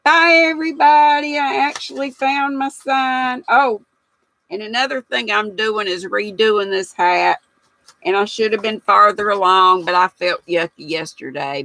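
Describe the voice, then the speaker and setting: This livestream host, an older woman from the United States, keeps things chatty and folksy, laughing a lot as she reads out viewer comments. She speaks at normal speed with a medium-pitched, gravelly voice that sounds pushed and bright. The recording is dry and rough.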